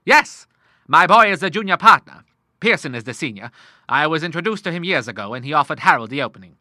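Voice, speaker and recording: A man's voice: on the high side, expressive, fast talker, pushed and bright, dry recording, studio quality. A man reading an audiobook, voicing a hearty, blustering old retired navy admiral who talks in sea terms. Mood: bluff.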